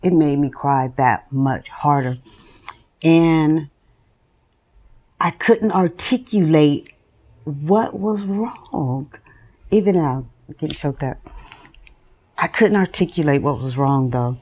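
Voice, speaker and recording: Woman podcasting from home, low slow voice, open and emotional, laughs a lot. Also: muffled recording. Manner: candid and emotional, laughs often. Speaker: podcast host. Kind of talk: personal monologue.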